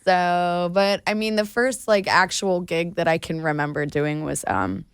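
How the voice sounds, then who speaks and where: A woman's voice: on the low side, fairly even intonation, unhurried, clean tone, dry recording, studio quality. A woman in her thirties, a singer being interviewed, talking in a meandering, laid-back way. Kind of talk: casual chat.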